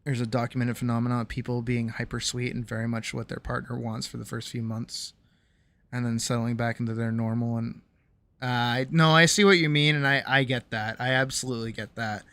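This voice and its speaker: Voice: mid-range voice, little pitch movement, fairly quick, fairly bright tone. A young adult streamer telling a candid personal story to a live chat from a home room, reflective and hesitant, with many ums and restarts.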